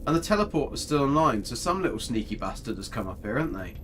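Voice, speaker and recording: A man's voice: medium pitch, big pitch swings, fast talker, a bit bright, a little hiss or hum. A man giving casual, chatty live commentary on a game, talking to his character and his viewers with mild swearing. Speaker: gaming streamer.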